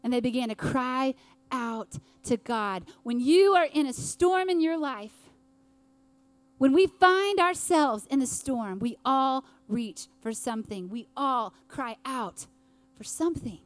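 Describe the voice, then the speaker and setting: A woman preaching an earnest sermon with dramatic pauses. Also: sits high, lively intonation, dry recording.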